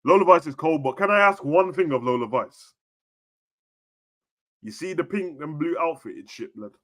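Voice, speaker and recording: A young man chatting casually on a live stream about wrestling, full of slang, jumping between shouting and near-whispers. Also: a little high, lively intonation, moderate pace.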